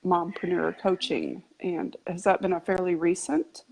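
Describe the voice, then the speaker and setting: A woman's voice: lowish voice, steady tone, unhurried, creaky, a little mellow, slight background noise, poor audio. A woman hosting an interview, encouraging her guest with frequent affirming murmurs. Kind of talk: casual interview conversation.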